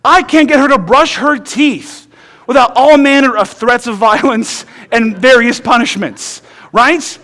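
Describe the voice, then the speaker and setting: A pastor preaching in a loose, conversational way, tossing in "right?" to keep the room with him. His voice sits very high for a man. He tells stories with emphasis and humor. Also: a little slow, sharp tone. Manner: emphatic storytelling. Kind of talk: sermon.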